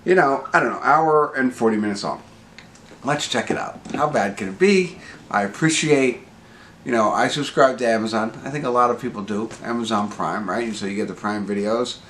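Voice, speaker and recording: A middle-aged man reviewing a movie in a casual, rambling way, joking at his own expense, full of fillers and restarts, his voice a bit hoarse. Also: mid-range voice, normal speed, fairly bright tone, slight background noise. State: slightly hoarse voice.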